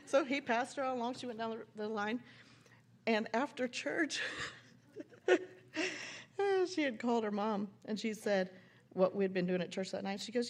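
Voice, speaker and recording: A woman preaching at a church women's conference, reading scripture and telling stories with animated laughter. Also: on the high side, moderate pace. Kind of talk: sermon with scripture reading and storytelling.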